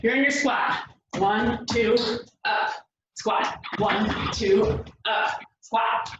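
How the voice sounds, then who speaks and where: A fitness instructor leads a home workout in a slightly high voice, speaking extremely slowly and sounding out of breath as she coaches the moves and counts down seconds. The background is noisy, and the echoey room and distant mic give a dull sound.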